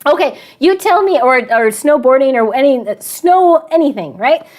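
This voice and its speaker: High-voiced chatty woman teacher. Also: normal speed. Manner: chatty and animated, laughs often. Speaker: math and science teacher. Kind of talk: storytelling to students in an online class.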